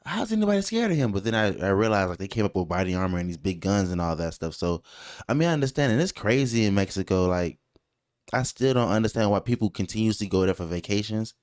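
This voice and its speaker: Lowish voiced guy co-hosting a podcast, jokey and rambling, trips over his words. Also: fast talker. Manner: animated, jokey, rambling with restarts. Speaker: co-host. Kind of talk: casual podcast chat.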